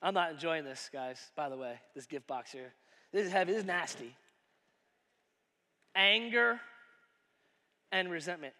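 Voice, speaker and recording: A male pastor preaching a sermon, animated, swinging from shouts to hushed asides. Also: fairly high pitch, measured pace, pauses often. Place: church auditorium. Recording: long reverb of a church hall.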